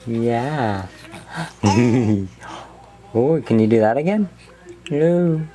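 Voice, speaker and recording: A woman coos to a baby in a lively, sing-song baby talk, laughing often. Her voice sits very low and mellow. She speaks very slowly and gently.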